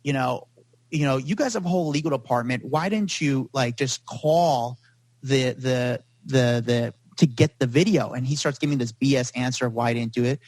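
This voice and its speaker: A man's voice: mid-range voice, a little mellow, no room sound. A man telling long, rambling stories as a podcast guest, with "like" in nearly every sentence. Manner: rapid, rambling, heavy use of "like". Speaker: paparazzo guest. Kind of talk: storytelling in a podcast interview.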